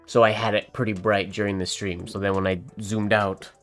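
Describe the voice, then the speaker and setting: A man's voice: lowish voice, normal speed, soft background music. A man streaming a calligraphy session, talking casually as he thinks aloud over his work and then reading a holiday poem aloud. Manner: relaxed, thinking aloud while writing.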